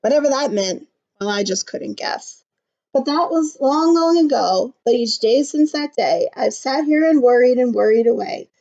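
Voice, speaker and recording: High-voiced woman reading a storybook aloud. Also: expressive, darkish tone. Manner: pauses to explain words simply. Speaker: storybook reader. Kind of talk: reading a rhyming picture book aloud to children. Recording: slightly muffled recording.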